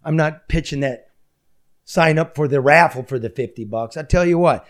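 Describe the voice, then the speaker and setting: A man's voice: on the high side, moderate pace. Jokey, upbeat male talk show host. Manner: jokey and rambling, hyping up sponsors. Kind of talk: casual talk show chat with live ad reads.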